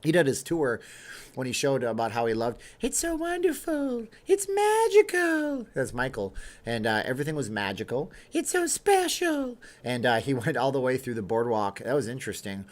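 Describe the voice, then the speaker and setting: A man's voice: mid-range voice, a little fast. Chatty man hosting a livestream. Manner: talkative, reads viewer comments aloud and answers them. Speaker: livestream host. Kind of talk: casual livestream chat.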